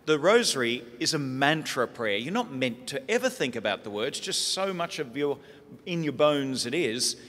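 An Australian priest telling funny family stories in a lively sermon talk. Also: male voice, a little high. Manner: lively comic storytelling. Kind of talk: humorous sermon storytelling. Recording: echoey hall.

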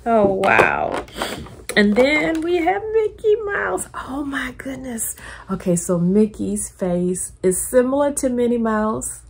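A middle-aged woman chatting casually through an unboxing, gushing and repeating her delight in an excitable way. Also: on the high side, takes it slowly, creaky, husky. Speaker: collector YouTuber.

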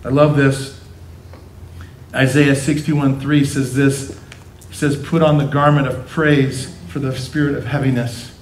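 A man preaching a sermon as pastor, animated, acting out quotes in changing voices. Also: medium pitch, a little slow, a little hiss or hum. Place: church sanctuary. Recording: echoey church hall.

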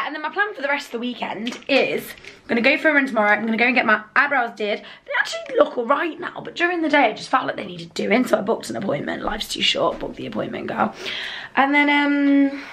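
A woman's voice: on the high side, bright, forceful tone. A woman in her twenties chatting casually to the camera in a rambling, chatty way, sometimes swearing when annoyed, filmed on a dashboard camera in a car. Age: 20s. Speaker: vlogger. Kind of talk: casual vlog chat.

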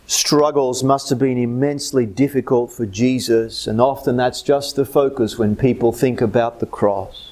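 A man with an Australian accent preaching a sermon as pastor, swinging between loud emphatic lines and low hushed ones. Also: steady tone, normal speed, hardly any pauses.

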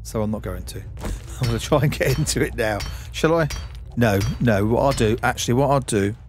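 A man's voice: mid-range voice, normal speed, faint music behind. A man streaming a game, giving chatty let's-play commentary and talking to himself and to objects on screen.

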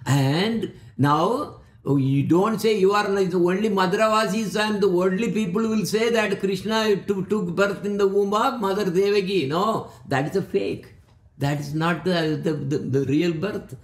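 A man giving a devotional talk, often repeating words as he searches for them and chanting verses slowly. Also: high-pitched, echoey room. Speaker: spiritual speaker. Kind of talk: devotional discourse.

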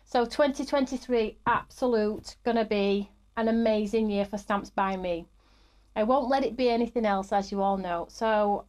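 A woman's voice: fairly high pitch, a little mellow. A woman, middle-aged, hosting a live craft stream in an upbeat, chatty way and greeting viewers by name.

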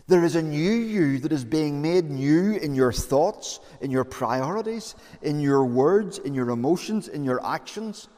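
A man's voice: on the high side, lively intonation, normal speed, hardly any pauses, warm tone. A man preaching a sermon as pastor, earnest and conversational, with fillers and repeated phrases. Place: church. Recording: long church reverb.

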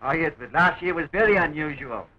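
An actor playing a cheerful studio worker making polite small talk, from a dull old film soundtrack. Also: male voice, fairly high pitch, animated, fairly quick, bright, forceful tone.

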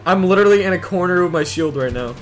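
A young man hosting a casual gameplay video, excitable and swearing, with panicky outbursts. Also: sits high, fast talker, faint music behind. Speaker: gaming video host.

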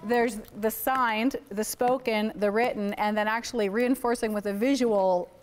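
Indoors against a noisy background, a woman leads a baby sign language class, cheerfully coaxing and praising toddlers and chatting with their parents. Her voice is on the high side, steady, and at normal speed.

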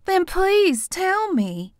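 A woman's voice: extremely high pitch, big pitch swings, extremely slow, no echo, clean studio sound, voice pushed up, heavily acted. A woman voicing a newly turned young vampire woman who speaks earnestly and pleadingly in an audiobook.

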